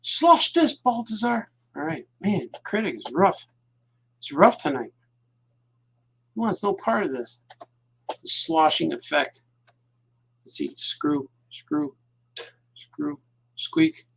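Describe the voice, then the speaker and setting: A man's voice: on the high side, animated, slow, vocal fry, long pauses, fairly bright tone, husky. A man, a cartoonist, chatting casually to his viewers at home at night while he draws, rambling and repeating himself as his thoughts drift. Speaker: cartoonist hosting his own show.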